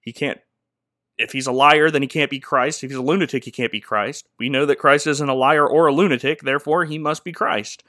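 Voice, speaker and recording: A man's voice: mid-range voice, fairly even intonation, fairly quick, bright, forceful tone, dry recording, clean studio sound. A man recapping a movie in a sarcastic, rambling comedic style, laughing often.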